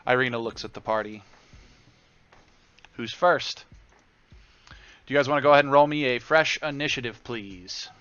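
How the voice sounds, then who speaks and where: A man narrating as game master in a casual, halting way. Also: medium pitch, fairly bright tone, clear, resonant tone, highs cut off.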